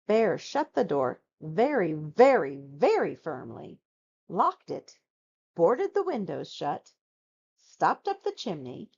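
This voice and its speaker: A woman reading a children's picture book aloud, narrating with expressive, dramatic storytelling. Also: medium pitch, vocal fry, dull audio.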